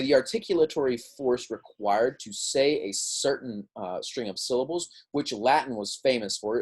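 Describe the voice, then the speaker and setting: A man's voice: medium pitch, a little mellow, slightly rough. A man teaching a recorded lesson, patient and step by step, often checking in with his students. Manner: patient, explains step by step, checks in with "right?" and "okay?". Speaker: Spanish teacher. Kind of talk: recorded classroom lecture.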